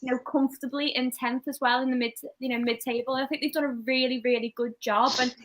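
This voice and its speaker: A woman's voice: high voice, steady tone, quick pace. A woman from Liverpool with a Scouse accent, chatting animatedly about football as a podcast co-host. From Liverpool, England. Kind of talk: casual football chat.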